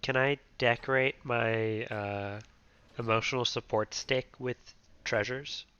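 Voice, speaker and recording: A man with a bright, sharp, mid-pitched voice chatting at a tabletop game. He is playful and asks tentative questions. The recording sounds dull and lo-fi. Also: steady tone, slow, clean tone. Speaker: player. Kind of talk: casual tabletop game chat. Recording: muffled lo-fi recording.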